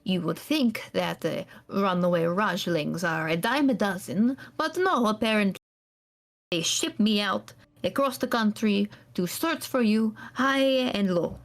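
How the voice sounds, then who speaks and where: A woman's voice: medium pitch, lively intonation, unhurried, pitched above the performer's own voice. Woman playing a bitter, clipped academy trainee. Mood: weary, resentful. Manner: clipped, formal, accusing.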